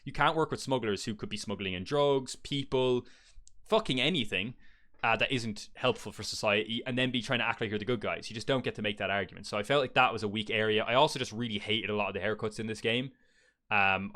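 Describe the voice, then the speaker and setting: A man's voice: fairly low pitch, sharp tone. A man giving a casual, blunt game review, chatty and peppered with fillers and swearing.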